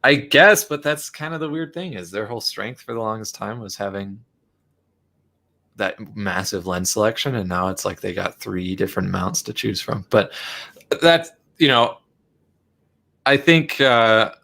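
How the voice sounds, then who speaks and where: A man's voice: lowish voice, a little slow, gravelly, bright, forceful tone. A man co-hosting a camera shop chat on a video call, thoughtfully laying out his opinions on gear.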